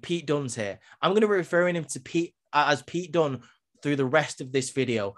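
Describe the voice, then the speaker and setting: A man giving a casual, chatty review of a wrestling show, full of filler ums and quick asides. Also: on the high side, expressive. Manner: chatty, many filler ums, acts out quotes. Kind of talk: casual recap and opinion.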